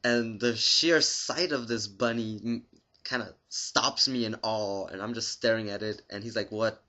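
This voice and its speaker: A young man telling a long story to his camera in a rambling, profane, deadpan way. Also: on the low side, unhurried, dull audio. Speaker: vlogger.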